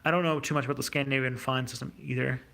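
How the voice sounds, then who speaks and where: A man's voice: medium pitch, steady tone, rapid-fire, gravelly, a bit bright. A man hosting a livestream, reading out viewer questions and answering them off the cuff, with a hesitant delivery full of fillers and restarts. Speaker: YouTube host.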